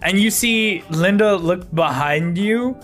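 A man's voice: high-pitched, slow, fairly bright tone, faint music behind. Guy running a tabletop game, loose and chatty, laughs a lot. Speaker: game master.

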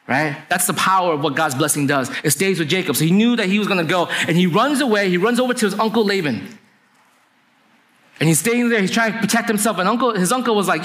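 A man's voice: sits high, quick pace, a bit bright. A man preaching a sermon, retelling a story in casual slang and acting out the dialogue. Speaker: pastor.

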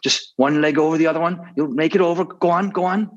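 A man's voice: fairly high pitch, fast talker, far from the mic, muffled recording, voice pushed up, natural voice. A man voicing a supportive male donkey from a cartoon, coaxing his friend along. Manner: coaxing, encouraging.

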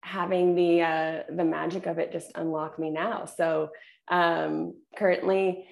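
A woman guest on a podcast speaks in a fairly low, gravelly voice with plenty of vocal fry. She rambles in a chatty way, filling her talk with "like" and "you know.". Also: little pitch movement, a little slow, darkish tone. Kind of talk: casual podcast chat.

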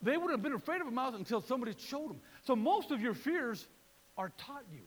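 A man preaching a sermon in a lively way, repeating words and acting out voices. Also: very high voice, brisk, in a large hall. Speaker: pastor.

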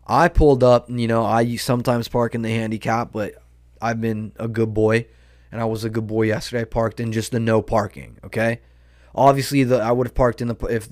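A man's voice: mid-range voice, no echo, clean studio sound. A young man hosting a podcast, telling a story in a rambling, profane, slangy way. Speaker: podcast host. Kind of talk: casual storytelling monologue.

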